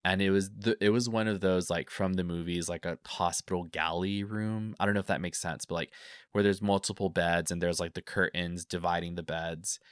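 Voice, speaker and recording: Very deep-voiced rambling man host. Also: fairly even intonation, moderate pace, smooth, no echo, studio quality. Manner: rambling, filler-heavy, openly emotional. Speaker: podcast host. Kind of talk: casual podcast chat, reading listener stories.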